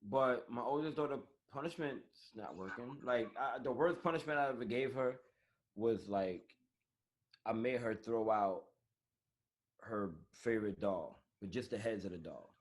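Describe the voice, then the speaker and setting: A man hosting a live online talk show, telling frank, animated stories full of slang and swearing, on a phone or webcam mic. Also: mid-range voice, measured pace. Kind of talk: casual chat. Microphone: phone or webcam on a live stream.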